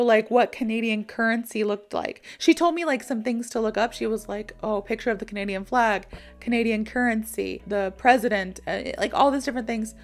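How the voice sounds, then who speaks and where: A young American woman from Florida, an English teacher telling a casual story to teach an idiom, animated and laughing often as she acts out the people in it. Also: fairly high pitch, brisk, few pauses. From Florida, USA.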